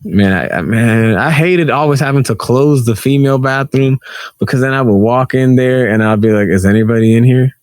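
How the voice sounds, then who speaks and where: A man's voice: a little fast, no echo, studio quality. A man co-hosting a casual podcast, telling stories and acting out other people's lines. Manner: animated storytelling, acts out quotes with high squeals. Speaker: podcast co-host. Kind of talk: casual argumentative chat.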